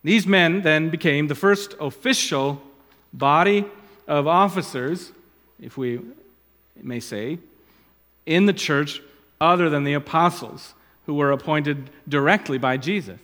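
A man preaching a sermon as a pastor, talking conversationally and wandering into asides that trail off quietly. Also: a little high, measured pace, in a large hall.

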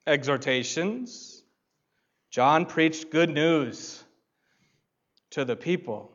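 A man preaching a sermon, reading scripture and rising to loud emphasis on key phrases. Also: a little high, expressive, drawn-out words, long pauses. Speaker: pastor. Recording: dull lo-fi sound.

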